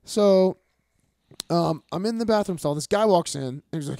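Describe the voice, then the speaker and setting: A man in his thirties telling a profane story in casual chat, acting out the people in it and shouting some of their lines. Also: sits high, a little fast, no room sound, clean studio sound. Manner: animated, profane storyteller acting out quotes loudly. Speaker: fighter and podcast guest.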